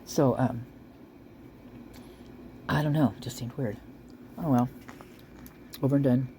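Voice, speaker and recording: A woman's voice: a bass voice, steady tone, takes it slowly, dark tone, a little hiss or hum. A woman chatting casually and rambling as she reads out local police reports, at times chewing while she talks. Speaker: vlogger reading police reports.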